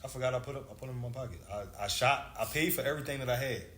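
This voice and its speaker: A former basketball player in his thirties races through a long story in a medium-pitched, fairly bright voice. Laid-back and slangy, he acts out the dialogue, recorded in an echoey room with faint background noise.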